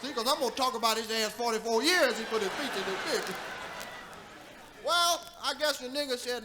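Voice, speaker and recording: A man in his thirties doing live stand-up, telling a profane, animated story that swings from low mutters to shouts. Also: normal speed, long pauses. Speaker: stand-up comedian. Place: nightclub stage before a live audience. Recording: 1970s live club album recording with audience noise.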